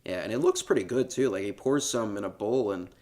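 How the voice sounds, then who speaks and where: Relaxed low-voiced man recapping a movie. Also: brisk. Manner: relaxed storytelling, laughs often, swears casually. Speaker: podcast co-host. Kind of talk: casual film recap chat.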